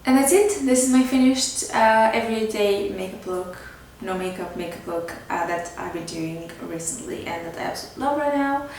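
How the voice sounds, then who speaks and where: A woman vlogger chatting casually through a makeup tutorial, filling her talk with "like" and "kinda". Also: on the low side. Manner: chatty, filler-heavy with frequent "like" and "kinda". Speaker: beauty vlogger. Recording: very echoey room, mic at a distance, faint background noise.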